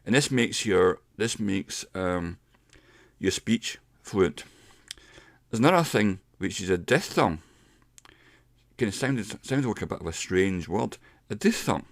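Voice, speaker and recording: A middle-aged man giving a casual pronunciation lesson, explaining step by step and slowing down to demonstrate sounds. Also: fairly low pitch, animated, vocal fry, no echo, clean studio sound. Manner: unhurried, explains step by step with slowed demonstration words. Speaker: English pronunciation teacher.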